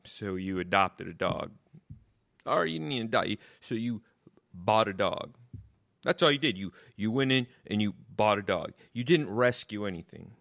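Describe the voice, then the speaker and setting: A man's voice: on the low side, expressive, moderate pace, vocal fry, fairly bright tone. Swearing man on a comic rant. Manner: mocking, swears constantly, repeats insults. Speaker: comedian.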